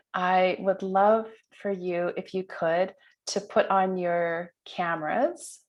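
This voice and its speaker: A woman's voice: lowish voice, a little mellow. A woman leading an online training session over a video call, talking casually with many fillers and restarts. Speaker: workshop trainer.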